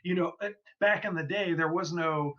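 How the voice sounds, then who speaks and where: A young man tells nostalgic, jokey stories in a bright, sharp voice pitched a bit high. The podcast audio sounds dull and lo-fi. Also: moderate pace. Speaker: podcast co-host. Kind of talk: casual chat.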